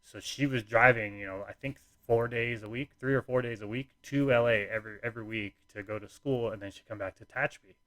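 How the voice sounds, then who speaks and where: A man's voice: medium pitch, steady tone, fast talker, few pauses, fairly bright tone, no room sound. A young man hosting a podcast, telling a personal story in a rambling, laid-back way full of fillers and restarts. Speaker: podcast host.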